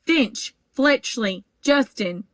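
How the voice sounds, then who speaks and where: A woman voicing a stern older female teacher who calls out names loudly and crisply, in a storybook reading. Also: on the high side, animated, drawn-out words, dry recording, clean studio sound, pitched above the performer's own voice. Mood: formal. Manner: loud, crisp roll-call calling.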